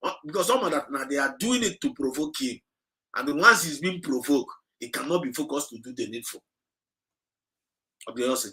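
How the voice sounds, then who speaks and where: This man speaks in a mid-range voice that is animated and brisk, gravelly yet pushed and bright. A movement speaker with a Nigerian Igbo accent, he preaches an exhorting livestream message, reiterating his points and moving between English and Igbo.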